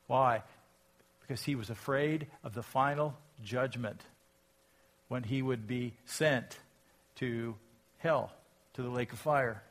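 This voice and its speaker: A pastor preaching a sermon, reading scripture aloud and asking reflective, rhetorical questions. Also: male voice, mid-range voice, slow pace, pauses often. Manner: reflective, asks rhetorical questions, rises in volume when quoting scripture.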